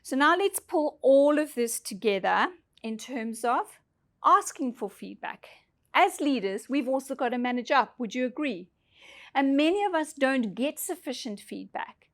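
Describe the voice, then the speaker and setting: Woman, leadership trainer; slightly high pitch, emphatic, direct questions to the room. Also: sing-song, unhurried, a bit bright. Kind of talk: instructional presentation.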